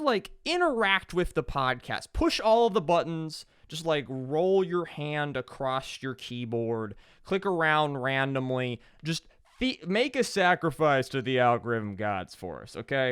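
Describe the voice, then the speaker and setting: A man from Georgia co-hosts a podcast in loose, casual chat. He rambles and swears, with a sardonic edge. His voice is smooth and resonant, and the recording is dry and close. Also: medium pitch, fairly bright tone, no echo. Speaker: podcast co-host.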